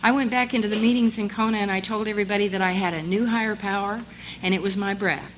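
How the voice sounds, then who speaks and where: A woman sharing her recovery story in an easy, conversational style, changing her voice to play both sides of past conversations. Her pitch sits in the middle of the range. A faint hiss stays under her voice. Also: quick pace, rough recording. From United States. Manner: conversational storytelling, quotes others with animated voice shifts. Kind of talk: conference talk.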